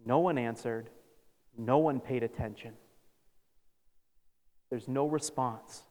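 A man preaching a sermon as pastor, animated, acting out scripture with sarcastic asides. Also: medium pitch, slow. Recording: long reverb of a large hall.

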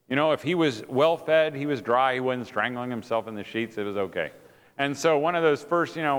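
Animated man preaching with humor. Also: medium pitch, long reverb tail. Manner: animated, self-mocking anecdotes to a live audience. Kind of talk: humorous sermon storytelling.

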